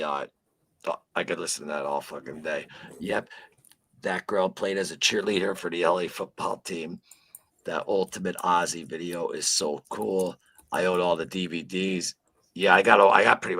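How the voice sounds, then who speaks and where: A man's voice: deep voice, gravelly, bright, forceful tone, slightly rough. A man hosting a casual livestream chat, rambling with lots of fillers and swearing freely. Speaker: livestream host.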